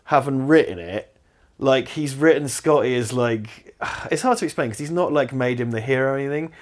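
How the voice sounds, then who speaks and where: A young man co-hosting a casual film commentary, animated and opinionated, swearing freely. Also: mid-range voice, moderate pace. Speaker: podcast co-host.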